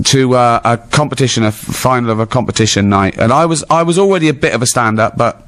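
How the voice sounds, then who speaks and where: A man's voice: mid-range voice, fast. Middle-aged english guy spinning funny stories, laughs constantly, swears a lot, does everyone's lines. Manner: animated storyteller, laughs a lot, swears freely, acts out other people's lines. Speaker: guest. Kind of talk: anecdotal storytelling in a live town hall interview.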